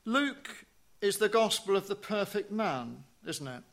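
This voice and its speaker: A man preaching a sermon in a measured way, asking rhetorical questions and dropping to a hush on key phrases. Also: high voice, very animated, creaky.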